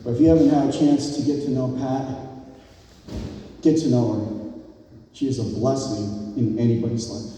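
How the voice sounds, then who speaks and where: Older guy giving a wedding toast, rambly and sentimental, booming hall reverb, faint party noise. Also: steady tone, normal speed, pauses often. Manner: rambling, joking, sentimental, shouts out crowd cheers. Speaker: wedding toast speaker, groom's friend. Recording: echoey hall, mic from a distance.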